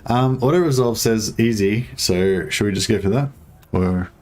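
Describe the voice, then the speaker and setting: A man's voice: fairly low pitch, moderate pace, a little mellow. An Australian man in casual gaming chat, rambling and swearing casually while he plays co-op. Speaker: co-op game streamer.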